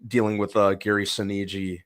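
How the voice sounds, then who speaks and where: A man's voice: on the low side, little pitch movement, moderate pace, clean tone, no echo, clean studio sound. A man co-hosting a casual review chat, hesitant with many ums as he gathers his thoughts. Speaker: podcast co-host.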